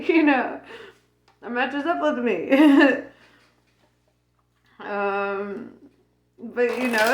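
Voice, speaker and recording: Slow, laughing woman tarot reader. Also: fairly high pitch. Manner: laughs often, rambling with many fillers. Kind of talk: casual tarot reading. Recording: roomy echo.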